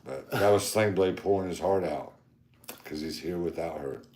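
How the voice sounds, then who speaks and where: A man's voice: deep voice, normal speed, darkish tone. A middle-aged man co-hosting a podcast in casual chat, laid-back and self-deprecating. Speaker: podcast co-host. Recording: roomy echo.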